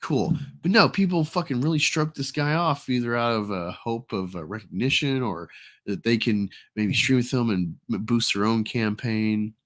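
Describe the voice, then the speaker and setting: A man's voice: medium pitch, moderate pace, a bit bright. A man co-hosting a casual livestream, giving blunt, profane and sarcastic opinions. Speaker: podcast co-host.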